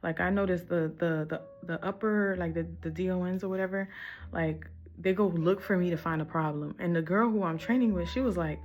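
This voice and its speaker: Low-voiced woman telling a storytime. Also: steady tone, fairly quick, lo-fi sound. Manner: candid, rambling, emphatic with casual slang. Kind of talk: casual storytime vlog.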